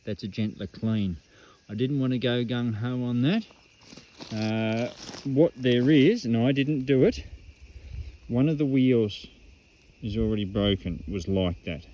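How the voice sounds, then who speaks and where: An Australian man excitedly showing off metal detecting finds at an old rubbish dump, in a casual outdoor vlog full of slang. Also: medium pitch, measured pace, pauses often.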